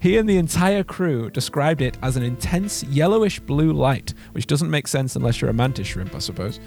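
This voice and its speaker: A man's voice: medium pitch, expressive, moderate pace, vocal fry, darkish tone, soft background music. A man hosting a podcast, telling a story in casual chat, laughing often and restarting words. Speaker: podcast host.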